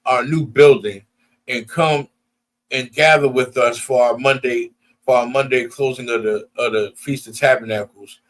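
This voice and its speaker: A man preaching at a Sabbath service, often breaking in with "you understand?" and calling out to the congregation. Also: medium pitch. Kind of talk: sermon and closing announcements.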